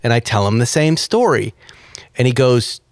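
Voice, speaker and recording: Dry-voiced man telling a lively anecdote. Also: medium pitch, normal speed, dry recording. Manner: animated anecdote-telling, acts out dialogue and beeps. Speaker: podcast host. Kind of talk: casual storytelling.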